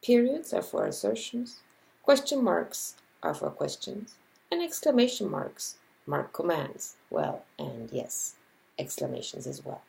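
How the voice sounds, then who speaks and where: A woman lecturer talks unhurriedly in a warm, dark voice with lots of gravelly fry. Her pitch moves a great deal as she explains, and she voices example sentences along the way. The delivery is scripted and measured. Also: huge pitch swings, low-quality recording. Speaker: linguistics lecturer. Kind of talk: scripted educational narration.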